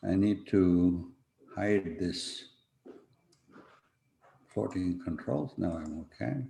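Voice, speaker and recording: Halting male conference speaker, low-pitched, presenting slides from an echoey room. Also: gravelly, warm tone. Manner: halting, many fillers and restarts. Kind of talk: online conference talk with slides. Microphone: video call.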